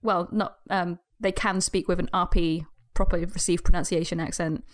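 A woman's voice: lowish voice, fairly even intonation, moderate pace. A woman co-hosting a casual podcast chat, chatty and often laughing as she talks. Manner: giggly, chatty, trails off into laughter. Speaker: podcast co-host.

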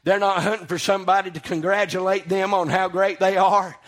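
High-voiced preacher, impassioned. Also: male voice, level tone, brisk. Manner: impassioned, swings from loud exclamation to quiet asides. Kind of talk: sermon.

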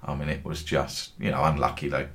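A man's voice: rumbling low, level tone, brisk, fairly bright tone. A middle-aged man who hosts a football trading group, telling meandering anecdotes with dry humour and casual swearing.

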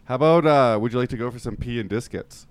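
A man's voice: mid-range voice, fast, clean tone. A young man in crude casual banter, joking, swearing and laughing often.

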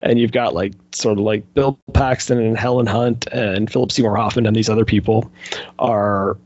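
A man's voice: lowish voice, steady tone, moderate pace, a little mellow, lo-fi sound. A man chatting casually on a podcast, rambling with lots of fillers and laughing as he goes. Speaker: podcast co-host. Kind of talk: casual chat.

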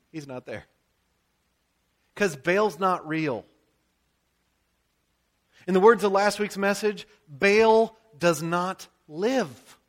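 An American man, a pastor, preaching a sermon in a conversational, animated storytelling way with frequent asides. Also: sits high, very slow, long pauses.

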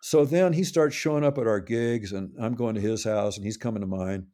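An older man with a lowish, dark voice speaks briskly in a relaxed interview. He tells sprawling stories, keeps amending his own account, and quotes other people's words.

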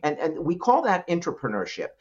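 A man's voice: a little high, huge pitch swings, brisk, a little mellow, slightly rough. A middle-aged man talks as an interview guest, telling a story with lots of swing in his voice and frequent laughs. He restarts words often and keeps it casual. The recording sounds a little dull and lo-fi. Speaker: guest, entrepreneur.

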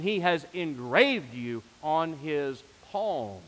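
A man's voice: mid-range voice, a little slow, a bit bright, in a large hall, rough recording. A man pastor preaching a sermon, rising to fervent emphasis on repeated phrases.

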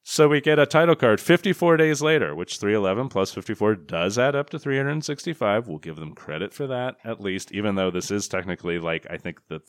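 A man's voice: lowish voice, expressive, fairly quick, hardly any pauses, no echo, clean studio sound. A man recapping a movie in casual chat, sarcastic and incredulous, swearing freely and breaking into laughter. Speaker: podcast co-host.

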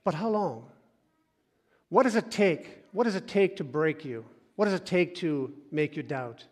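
A man preaching a sermon, moving between loud urging and soft, hushed asides. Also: fairly high pitch, lively intonation, measured pace. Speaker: pastor. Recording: long hall reverb.

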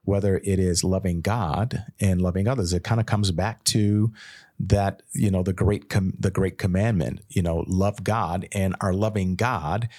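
A man, a pastor co-hosting a Bible podcast, talking in a thoughtful, halting way with frequent restarts. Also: deep voice, fairly even intonation, darkish tone. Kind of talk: casual Bible discussion.

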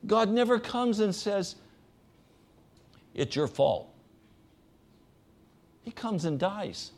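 A middle-aged man preaching a sermon as pastor, earnest, often dropping to a soft, low voice. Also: big pitch swings, takes it slowly.

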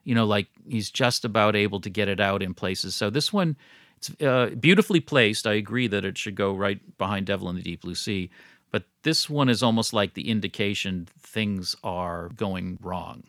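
Podcast co-host, male, low-pitched, thoughtful musing delivery, dry close sound. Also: moderate pace, a bit bright, no room sound. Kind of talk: casual music discussion.

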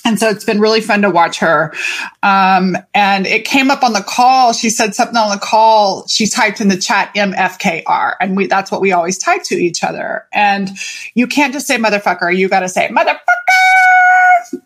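A woman hosting a podcast as a life coach, talking in an animated, chatty and playful way and swearing casually. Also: medium pitch, moderate pace. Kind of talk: solo podcast monologue.

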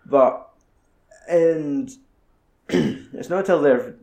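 A man's voice: fairly high pitch, very slow. Sweary Scottish man chatting films. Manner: sweary, animated, acts out film quotes. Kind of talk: casual film chat.

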